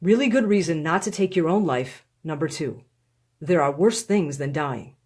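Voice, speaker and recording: A woman reading her own book aloud in a live stream, pleading and heartfelt, with slow, deliberate phrasing. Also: deep voice, expressive, a little mellow, slightly rough. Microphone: phone or webcam on a live stream.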